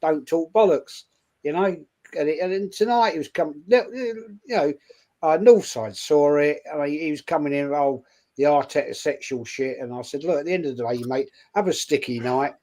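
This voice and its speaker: A blunt, outspoken man, talking plainly in a relaxed chat. His voice sits a touch higher than most men's, and he speaks his mind without softening anything. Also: normal speed. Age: 60s. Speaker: co-host. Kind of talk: casual chat.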